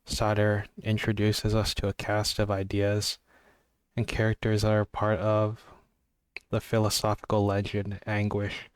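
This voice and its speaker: A man's voice: lowish voice, a little mellow, dry recording. A young man reading book blurbs aloud in a casual vlog, with offhand jokey asides and stumbles over words. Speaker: book vlogger.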